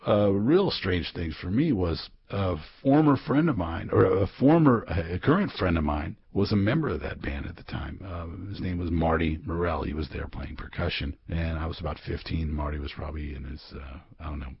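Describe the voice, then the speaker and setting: Very deep gravelly husky radio host. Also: male voice, normal speed, hardly any pauses. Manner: relaxed, rambling, frequent uh fillers. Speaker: radio jazz show host. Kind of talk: casual radio presenting with anecdotes. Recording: dull lo-fi radio broadcast.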